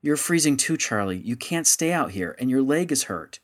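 A man's voice: mid-range voice, big pitch swings, normal speed, pitched above the performer's own voice, natural voice. A man voicing a worried young woman who cares for the injured hero. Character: young woman Gloria Jane, anxious and caring.

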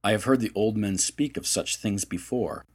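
A man voicing a grave, calm male priest in an audiobook, speaking quietly and measured in a low husky voice.

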